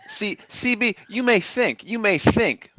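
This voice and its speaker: A man's voice: high-pitched, animated, measured pace, sharp tone, no echo, voice pushed up, heavily acted, poor audio. A man voicing an earnest male hero with a Southern accent who stammers and rambles. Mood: eager.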